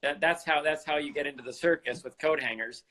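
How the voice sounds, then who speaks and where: A man's voice: fairly high pitch, brisk, crowd noise. A man hosting a podcast, chatting in a joking way and repeating words as he thinks. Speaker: podcast host. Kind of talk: casual chat.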